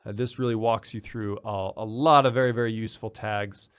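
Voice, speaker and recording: Low-voiced man explaining software. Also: steady tone, fairly quick, clean tone. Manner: casual, explaining with fillers and restarts. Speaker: instructor. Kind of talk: screen-recorded software tutorial.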